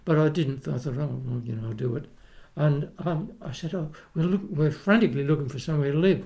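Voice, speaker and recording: An older man with an Australian accent chats easily, spinning one anecdote into the next. His voice sits a touch high and carries a gravelly crackle. He often loops back and restarts his sentences before carrying the story on. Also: fairly quick, mellow. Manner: rambling anecdotes with frequent restarts and laughs. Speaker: guest, retired opera tenor. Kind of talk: casual chat, storytelling.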